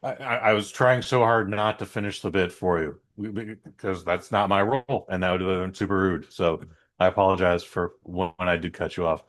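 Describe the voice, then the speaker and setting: A man's voice: fairly even intonation, brisk, a bit bright. A man co-hosting a podcast in casual chat, rambling through stories and correcting himself as he goes. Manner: rambling storyteller, self-correcting, does squeaky voices for quotes. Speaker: podcast co-host.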